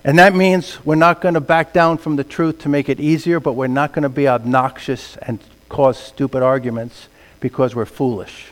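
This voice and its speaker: A man preaching a sermon as pastor, swinging between quiet remarks and loud emphatic passages. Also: medium pitch, steady tone, moderate pace. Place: church sanctuary. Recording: long reverb of a large hall.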